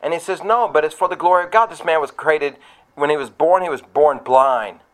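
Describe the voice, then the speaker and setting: Male pastor, slightly high voice, conversational sermon, acts out quotes with sharp pitch jumps. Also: fairly quick. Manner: conversational preaching with asides to the congregation.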